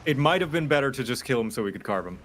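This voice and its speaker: A man's voice: mid-range voice, expressive, racing, a bit bright. A man playing a co-op game with friends, teasing them dryly and laughing often. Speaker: co-host and player. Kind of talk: casual gameplay banter.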